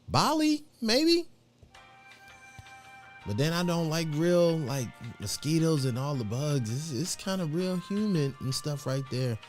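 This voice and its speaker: A man's voice: on the high side, sing-song, unhurried, soft background music. A middle-aged man hosting a live show, chatting in a rambling, slangy way with lots of fillers. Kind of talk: casual livestream chat.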